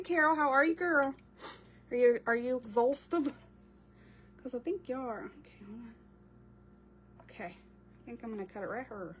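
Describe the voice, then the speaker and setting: A woman's voice: medium pitch, a little hiss or hum. A woman chatting casually while she crafts, answering viewers as she works. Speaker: craft creator. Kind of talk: casual crafting livestream chat.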